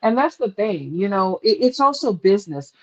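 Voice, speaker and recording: A woman hosting a casual boxing chat, relaxed and easygoing, with some playful teasing. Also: mid-range voice, normal speed. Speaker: boxing podcast host. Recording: dull lo-fi sound.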